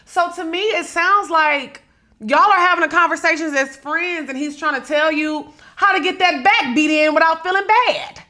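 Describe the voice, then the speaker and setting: Sassy bright-voiced woman podcast host. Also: very high voice, moderate pace. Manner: sassy, blunt, swears freely, dramatic. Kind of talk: casual gossip commentary.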